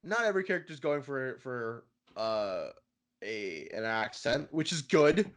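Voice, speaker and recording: A man co-hosting a casual fan podcast, animated and profane, often laughing and putting on voices. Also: mid-range voice, a little slow. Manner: animated, swearing, laughing, mimicking characters. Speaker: podcast co-host.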